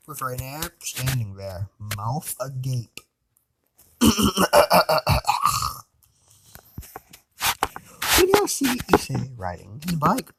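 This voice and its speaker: A man reading his own fan fiction aloud in a loose, casual way, with slips and restarts. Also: mid-range voice. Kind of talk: casual story narration. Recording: noisy home recording with clicks.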